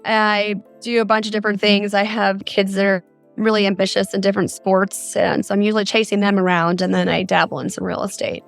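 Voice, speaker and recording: A woman's voice: medium pitch, little pitch movement, brisk, creaky, faint music behind. A middle-aged woman from Arizona, a mother of four, earnestly recounting a frightening experience as a guest on a podcast. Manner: earnest, detailed storytelling.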